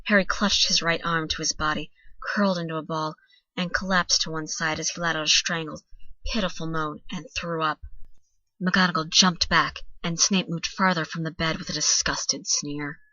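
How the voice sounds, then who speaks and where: A woman's voice: low voice, fairly even intonation, moderate pace, sharp tone, no room sound. A young woman reading a fanfiction story aloud, dramatic and building with the tension. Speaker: fanfiction reader. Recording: dull lo-fi home recording.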